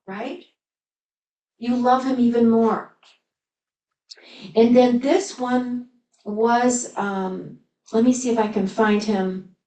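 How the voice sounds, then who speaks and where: A woman's voice: on the high side, dark tone. A woman preaches in a roomy, echoing space, her voice a little distant from the microphone. She reads archaic scripture and stops often to explain it in plain, friendly asides. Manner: reads old scripture aloud, then breaks in with chatty asides and giggles. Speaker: spiritual teacher. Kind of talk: sermon reading scripture with commentary. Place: spiritual center service room. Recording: echoey room, voice from far off.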